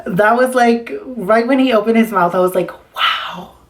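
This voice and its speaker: A woman's voice: fairly high pitch, moderate pace. A young woman vlogger telling a story in a casual, chatty way, swearing freely and acting out the dialogue as she goes.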